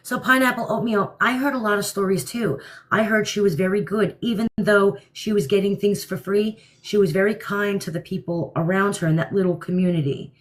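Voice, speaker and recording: A woman's voice: mid-range voice, steady tone, fairly quick. A woman from New Jersey with a New York-area accent, hosting a casual livestream and answering viewer comments in a blunt, opinionated way. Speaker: livestream host.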